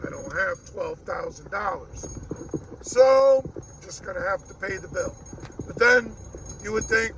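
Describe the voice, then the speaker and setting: A man's voice: high voice, a little slow, noisy background. A man ranting casually to camera in a rambling, wry way, mimicking other people as he goes. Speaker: vlogger.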